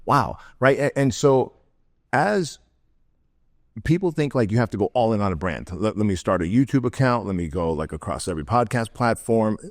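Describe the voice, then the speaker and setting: Brief: middle-aged male guest from the former Soviet Union, deep voice, dry close sound, punchy anecdotes. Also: moderate pace, no room sound. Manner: energetic, blunt, slangy, acts out quotes. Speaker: podcast guest, entrepreneur. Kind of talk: casual podcast interview storytelling.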